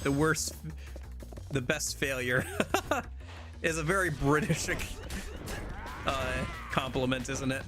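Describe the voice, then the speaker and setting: A man's voice: medium pitch, fairly even intonation, takes it slowly, pauses often, music in the background. A man streaming a video game, chatting casually and rambling with lots of fillers and restarts. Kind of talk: casual gameplay chat.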